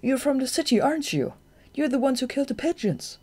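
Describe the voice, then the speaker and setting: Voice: sits high, fairly quick, darkish tone, slightly rough, voice pushed up. A reader voicing a small, earnest young male bat in a fan audiobook, speaking in an eager, raised voice.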